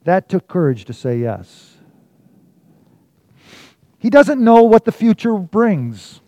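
A male pastor delivers a sermon in a slightly high, mellow voice. He moves between raised, emphatic lines and soft, hushed passages. The sound is dry and close. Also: very animated, slow pace, no echo. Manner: storytelling with dramatic swings from loud to hushed.

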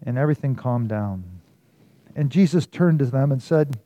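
A man preaching a sermon, telling a story and swinging from loud emphasis to hushed, quiet lines. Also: mid-range voice, normal speed, no room sound, lo-fi sound. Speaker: pastor.

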